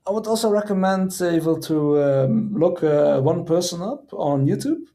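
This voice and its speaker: A man hosts a relaxed chat on his stream, his voice pitched a little high yet mellow and soft-edged. He talks in a quaintly formal way, sprinkling in "indeed" and "I say," and often stops on fillers before going on. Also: normal speed. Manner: hesitant, many fillers. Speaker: streamer host. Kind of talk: casual chat.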